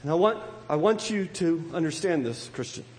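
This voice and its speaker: A man with a high voice preaches a sermon, his words trailing off into the long reverb of a large hall. He keeps turning to his congregation with rhetorical questions. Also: expressive, normal speed, darkish tone. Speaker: pastor.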